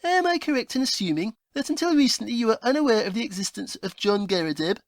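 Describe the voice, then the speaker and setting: A woman's voice: fairly high pitch, expressive, quick pace, dry recording, clean studio sound. Sherlock Holmes, voiced by a woman, fussy and prim. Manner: formal, fussy, scolding. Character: Sherlock Holmes, prim and haughty male detective. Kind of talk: comedy audio play.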